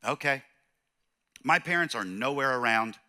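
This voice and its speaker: A pastor giving a conversational sermon, telling a story with animated, self-deprecating humor. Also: male voice, mid-range voice, unhurried. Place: church.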